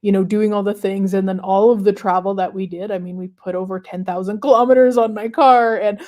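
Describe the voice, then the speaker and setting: A woman hosting a live stream, talking casually and reflectively to viewers with many pauses and fillers. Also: medium pitch, fairly even intonation, dark tone. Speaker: host of a manifestation livestream.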